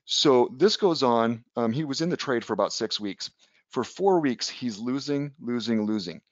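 A man's voice: medium pitch, expressive, normal speed, dry recording, highs cut off. Man teaching trading, conversational. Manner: conversational, tags points with "right?", tells anecdotes. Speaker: trading educator. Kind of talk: casual webinar lecture.

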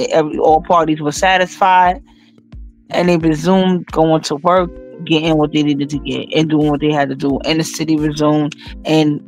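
A woman hosting a casual news commentary vlog, talking straight to her viewers in an animated, emphatic, slangy way. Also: lowish voice. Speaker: channel host and news commentator.

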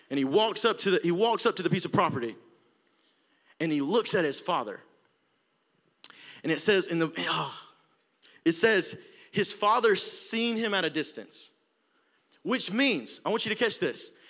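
A young man preaching with an Alabama drawl, his voice sitting high and sounding bright and forceful. He delivers a passionate sermon that swells from hushed moments to near-shouting. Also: animated, moderate pace, pauses often. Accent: Southern US, Alabama. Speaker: youth preacher.

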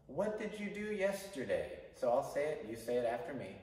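A male English teacher giving a grammar lesson to a class, speaking slowly and repeating phrases for students to say after him. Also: medium pitch, sing-song, warm tone. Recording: echoey hall, mic far off.

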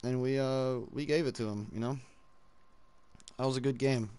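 A man streams his match while gaming, his medium-pitched voice steady, clear, and resonant at a moderate pace. He rambles casually, pokes fun at himself, and says "dude" a lot. Loud noise fills the background.

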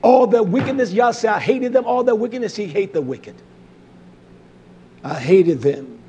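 Male preacher, high voice, fiery sermon delivery, hushed to shouting. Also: expressive, moderate pace, muffled recording, a little hiss or hum.

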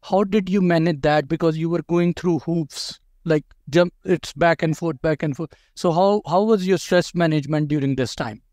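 A man hosts an interview in a direct, advising way, sometimes doubling words as he pushes a point. His voice sits a little high. The sound is dry and close. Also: normal speed, few pauses, a little mellow, dry recording. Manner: direct, advising, repeats words when emphasizing. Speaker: host interviewing a dental school applicant. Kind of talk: conversational interview.

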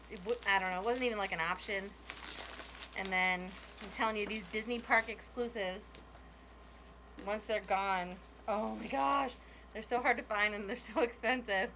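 A woman's voice: medium pitch, pushed and bright, slight background noise. A woman in a casual unboxing vlog, gushing over gifts with lots of laughs and gasps. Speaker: YouTuber opening a gift box.

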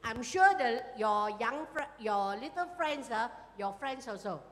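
A woman's voice: on the high side, expressive, measured pace, fairly bright tone, in a large hall. A woman leading a children's church class, coaxing the children and talking to them directly. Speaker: Sunday school teacher.

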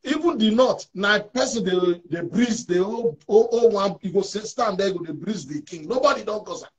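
A man speaking with a Nigerian Pidgin accent, a guest talking in a halting, repetitive way on a talk show. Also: high-pitched, expressive, slightly rough, rough recording.

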